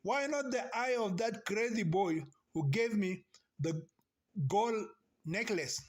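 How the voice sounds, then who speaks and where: A man reading the lines of a sleepy, skeptical young woman in a novel, with a slow and earnest delivery. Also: sits high. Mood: doubting.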